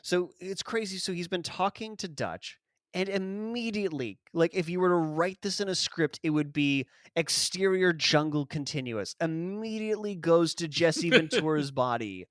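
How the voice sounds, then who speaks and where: A man hosting a casual film-review podcast, talking in a wry, jokey way with quick asides and frequent laughs. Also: fairly high pitch, expressive, no echo, clean studio sound. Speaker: podcast host.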